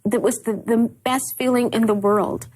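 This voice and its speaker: Husky-voiced woman recalling painful memories. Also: fairly high pitch, fairly even intonation, a little mellow, low-quality recording. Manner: halting, repeats words when upset. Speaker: interview guest. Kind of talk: emotional personal recollection.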